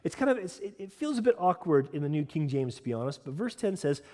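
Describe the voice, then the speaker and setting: A man's voice: a little high, sing-song, fast talker, a little mellow. A man preaching a sermon as a pastor, moving between earnest teaching and casual conversational asides. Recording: long hall reverb.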